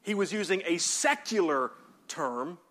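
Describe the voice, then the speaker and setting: High-voiced preacher man, emphatic. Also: expressive, a little slow, fairly bright tone. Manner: emphatic, asks the congregation to repeat words. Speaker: pastor. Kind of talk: sermon.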